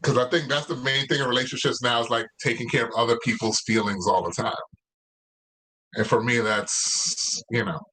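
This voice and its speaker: A man's voice: medium pitch, fairly even intonation, moderate pace, bright, forceful tone, slightly rough, poor audio. A man cooking in his home kitchen and chatting casually on a video call through his laptop, rambling along with plenty of fillers. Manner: rambling, laid-back, many fillers. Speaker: guest cook. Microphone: laptop mic on video call.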